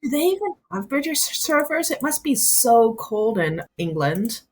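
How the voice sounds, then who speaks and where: A woman's voice: on the high side, very animated, measured pace, darkish tone, slight background noise. A woman guesting on a podcast, chatting casually and offering dry, thoughtful asides. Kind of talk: casual chat.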